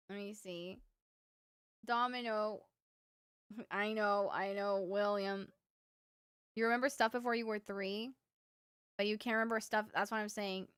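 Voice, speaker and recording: Casting: young woman streamer, rambling anecdotes to chat, mid pitch, dry close mic. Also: fairly even intonation, unhurried, long pauses, a bit bright, smooth, dry recording. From Cuban family. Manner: rambling storyteller, lots of fillers, laughs at own stories. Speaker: livestream streamer. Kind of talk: casual chat with viewers.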